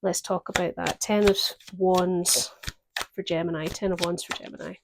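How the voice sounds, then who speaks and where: A woman giving a gentle, reflective tarot reading, pausing often to think. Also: on the low side, fairly even intonation, vocal fry, heavy background noise. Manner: gentle, reflective, with pauses and fillers. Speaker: tarot reader.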